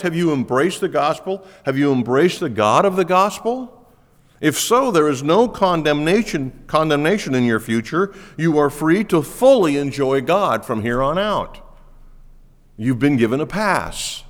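A man preaching a sermon to a congregation, swinging between loud, rising appeals and quiet, low asides. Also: sing-song, a little slow. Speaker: pastor. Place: church sanctuary. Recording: long reverb of a large hall.

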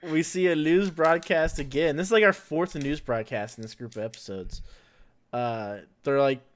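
A man's voice: on the high side, moderate pace. A man hosting a casual podcast, recapping an episode in a chatty way, laughing often and filling gaps with "like" and "uh".

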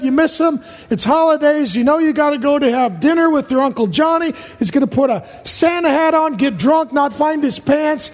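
A man preaching a humorous sermon as a pastor, firing off punchy jokes and short lists in a large church auditorium. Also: very high voice. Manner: rapid-fire jokey delivery, punchy short lists. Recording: reverberant hall.

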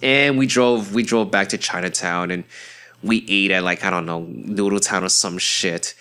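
A young man hosting a podcast, telling a story in a rambling, profane and excitable way, full of fillers and restarts, and jumping into high yelps when he acts out his friends. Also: normal speed, clear, resonant tone. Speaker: podcast host. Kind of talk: casual storytelling monologue.

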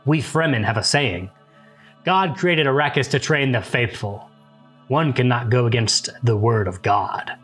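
A man voicing a young male desert ruler, calm and commanding, speaking in a solemn, measured way in a book retelling. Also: medium pitch, slightly rough, faint music behind, pitched below the performer's own voice.

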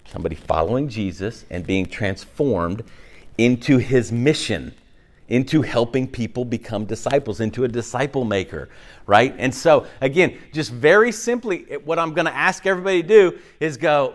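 A man preaching a sermon in a conversational, animated way, often checking in with "okay?" and "right?" and acting out little voices. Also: mid-range voice, moderate pace. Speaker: pastor.

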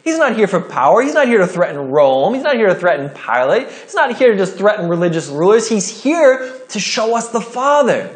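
High-voiced earnest male preacher. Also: very animated. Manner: earnest, conversational preaching with quick rises and drops. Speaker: pastor. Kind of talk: sermon.

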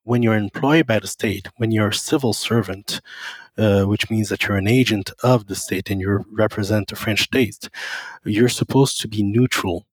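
A man speaking as an interview guest, his voice on the low side and recorded dry and close. He explains things calmly and plainly. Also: normal speed, breathy edge, dry recording, rough recording. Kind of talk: casual interview chat.

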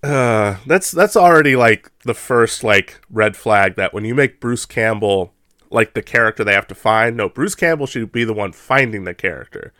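A man co-hosting a podcast, chatting casually about a film in an animated way with frequent laughs. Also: fairly low pitch, no room sound, clean studio sound. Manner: animated, laughs often, quick asides. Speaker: podcast co-host. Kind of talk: casual movie review chat.

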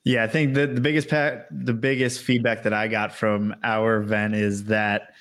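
A man with a lowish voice talks in a calm, easy way, explaining things helpfully in a casual conversation. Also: normal speed. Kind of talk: casual chat.

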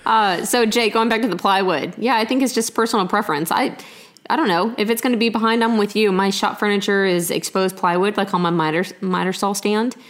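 A woman's voice: mid-range voice, steady tone, fairly quick. Chatty friendly woman co-host. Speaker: podcast co-host. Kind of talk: casual chat.

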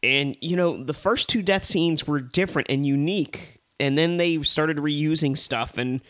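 Male co-host, slightly high voice, lively profane movie ranter. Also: unhurried. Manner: animated, profane ranting. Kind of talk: casual chat.

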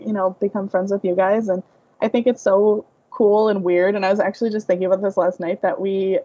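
A woman's voice: mid-range voice, dry recording. A young woman with a mid-range voice, easygoing and a little hesitant, reflecting on a class. The sound is dull and lo-fi. The room is very dry. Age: young adult. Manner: relaxed, easygoing, hesitant fillers. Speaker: student journal staff member. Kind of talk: casual group reflection.

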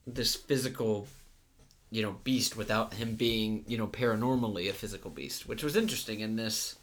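Low-voiced man musing, agreeable. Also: moderate pace, fairly bright tone. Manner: agreeable, hedging with "you know what I mean". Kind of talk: casual movie chat.

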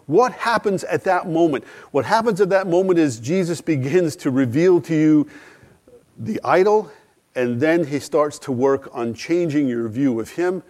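A middle-aged man preaches with earnest conviction. His voice sits a little high for a man, and he leans on rhetorical questions and acted-out quotations. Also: a little mellow. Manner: earnest, rhetorical questions, dramatic quoted dialogue. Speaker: pastor. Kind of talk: sermon.

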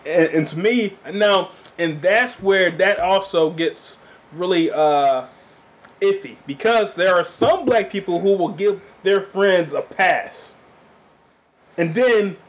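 A man co-hosting a podcast in casual chat, blunt, emphatic and opinionated. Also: sits high. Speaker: podcast co-host.

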